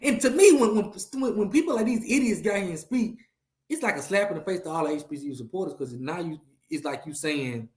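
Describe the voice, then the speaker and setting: A man hosts a casual livestream, talking straight to his viewers and circling back over the same points. His voice sits a little high for a man, and the room around him rings with echo. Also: fast. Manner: animated, repetitive, talks to viewers and chat. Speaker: host.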